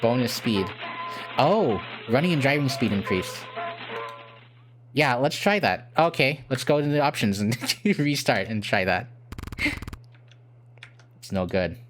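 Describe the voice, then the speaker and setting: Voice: medium pitch, animated, a little slow, pauses often. A streamer casually chatting to their chat while playing a horror game, with frequent giggles. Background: game music.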